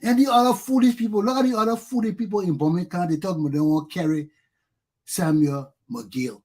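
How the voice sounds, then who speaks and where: Husky Liberian man ranting. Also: high voice, a little fast, darkish tone. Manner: impassioned, bitter laughter, outbursts. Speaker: commentator. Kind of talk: ranting solo commentary.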